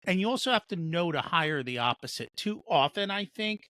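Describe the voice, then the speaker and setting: A man's voice: high-pitched, lively intonation, a little fast, sharp tone, no room sound. A man hosting a business podcast, talking through points reflectively with his guest. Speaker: podcast host. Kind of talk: conversational interview.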